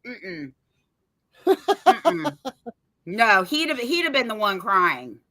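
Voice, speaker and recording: A woman's voice: a little high, very animated, takes it slowly, a bit bright. A middle-aged woman co-hosting a podcast, talking bluntly and profanely in casual chat and laughing often. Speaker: podcast co-host.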